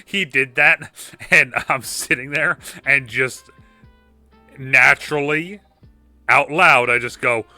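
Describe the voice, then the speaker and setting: A man's voice: medium pitch, slow, pauses often, sharp tone, dry recording, soft background music. A man co-hosting a casual podcast, chatting in a laid-back way about a film. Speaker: podcast co-host. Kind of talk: casual movie review chat.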